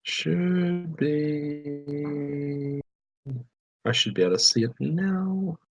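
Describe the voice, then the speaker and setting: A man's voice: on the high side, very slow, creaky, no echo, muffled recording, faint music behind. A man at home running a tabletop game online as game master, chatty and full of fillers. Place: home room.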